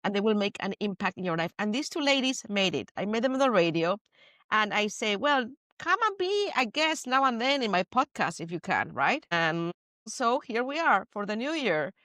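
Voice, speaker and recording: A woman from Spain with a Spanish accent, hosting a podcast and telling stories in an animated, playful way. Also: mid-range voice, moderate pace, no echo, clean studio sound. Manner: animated storyteller, playful asides. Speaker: podcast host. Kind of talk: casual chat.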